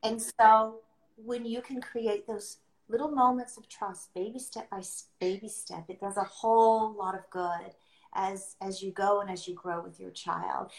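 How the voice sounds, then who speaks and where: A woman's voice: mid-range voice, flat delivery, unhurried, vocal fry. Earnest woman in an echoey room. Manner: earnest, emphatic, repeats key phrases. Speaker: guest. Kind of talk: heartfelt podcast conversation.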